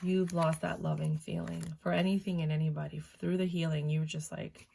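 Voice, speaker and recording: A woman reads tarot cards for her viewers in a relaxed, chatty voice with plenty of swearing. Her tone sits low and has a gravelly, fry-heavy grain. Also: fairly quick. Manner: chatty and loose, swears freely. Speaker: tarot reader. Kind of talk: casual tarot reading.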